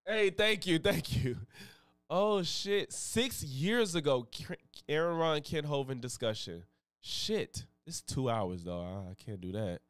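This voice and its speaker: A male streamer talks to his chat in a loose, rambling, profane way. His voice is smooth and clear. It is captured close up on a dry desk mic. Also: fairly high pitch, expressive, measured pace, dry recording. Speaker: live streamer, host. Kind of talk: casual live-stream reaction chat.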